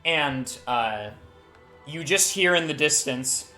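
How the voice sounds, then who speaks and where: Guy game master narrating a tabletop session, bright voice, echoey room with faint music. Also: fairly high pitch, takes it slowly. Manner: lively storytelling with many restarts.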